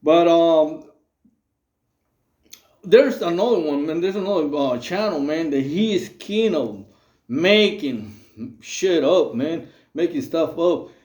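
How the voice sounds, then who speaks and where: A channel host speaks slowly to camera, pausing often, with lively intonation in a slightly high voice. The tone is darkish and reverberant, and his casual monologue wanders in a loose, streetwise style heavy with fillers.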